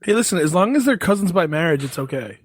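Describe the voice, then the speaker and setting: A man's voice: sits high, big pitch swings, fast, husky, no room sound. A man from the Boston area co-hosting a comedy podcast and making wisecracks. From Boston area, Massachusetts. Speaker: podcast co-host. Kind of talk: casual banter.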